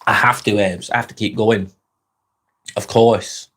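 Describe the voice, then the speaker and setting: A man's voice: lowish voice, steady tone, unhurried, a bit bright, a little hiss or hum. Rambling English man on a live vlog. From England. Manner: rambling, repeats himself, frequent ums. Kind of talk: casual live-stream chat reading comments. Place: spare bedroom. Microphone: wireless clip-on mic.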